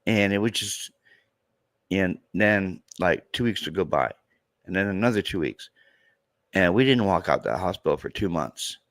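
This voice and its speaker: A man in his thirties talking in a halting, emotional way in a podcast conversation, near tears and repeating himself. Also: deep voice, lively intonation, fairly bright tone, no room sound, studio quality. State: tearful. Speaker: true crime content creator.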